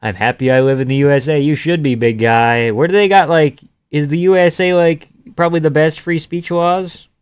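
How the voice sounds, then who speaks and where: A man's voice: fairly high pitch, steady tone, moderate pace, hardly any pauses, smooth, no echo. A young man hosting a live stream, casually reading out viewer comments and joking crudely in an offhand way.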